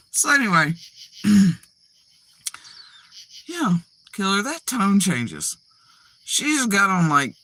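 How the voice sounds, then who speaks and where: A woman riffs through rambling, profane reaction commentary with her pitch swinging all over. Her voice has a bright, sharp edge, and she wanders off into foul-mouthed asides as she goes. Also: breathy edge. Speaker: commentary channel host.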